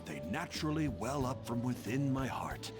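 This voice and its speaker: An actor playing an older, self-important male artist mentor in a video game, speaking in a measured, lofty manner. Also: mid-range voice, big pitch swings, lightly acted. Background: game music.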